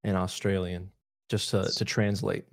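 A man from the United States talks in a fairly low voice as a guest on a casual podcast. He rambles and keeps restarting his sentences. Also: little pitch movement, moderate pace, creaky. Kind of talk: casual chat.

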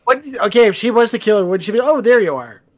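High-pitched male, dry quips, casual movie chat. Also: animated, fast talker. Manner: dry one-liners.

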